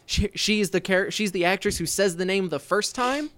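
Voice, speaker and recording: A man's voice: sits high, normal speed, a bit bright. A man co-hosting a podcast, talking emphatically and teasing with mock-combative quips. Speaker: podcast co-host. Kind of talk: casual chat.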